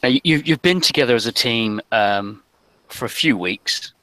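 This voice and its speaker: A man's voice: mid-range voice, expressive, moderate pace, sharp tone, no room sound, poor audio. A man narrating as game master of a tabletop game, hesitant with frequent ums.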